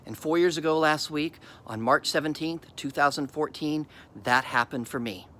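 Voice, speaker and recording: Um homem dá uma palestra motivacional sincera e emotiva, contando sua história com frases que recomeça e repete. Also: male voice, fairly high pitch, moderate pace, a bit bright. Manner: earnest and emotional, with repeated restarts. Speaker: host. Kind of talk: motivational talk.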